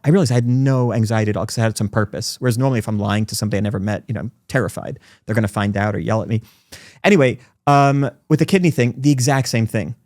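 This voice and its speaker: A man in his forties, a podcast guest telling stories in fast, animated conversation. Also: fairly low pitch, no room sound, studio quality. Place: recording studio.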